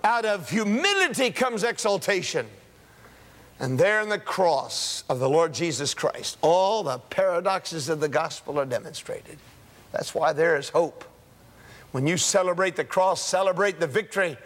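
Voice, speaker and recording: A high-pitched male preacher delivers an emphatic sermon, driving his points home with repeated phrases that climb and fall. His voice carries a long, lingering reverb from a large hall. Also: a bit bright. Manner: emphatic, repeats key phrases in rising cadences.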